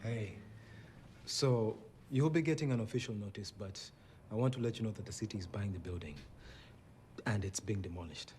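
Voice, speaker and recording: Man playing a soft apologetic official. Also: fairly low pitch, moderate pace, slight background noise, close to an everyday voice.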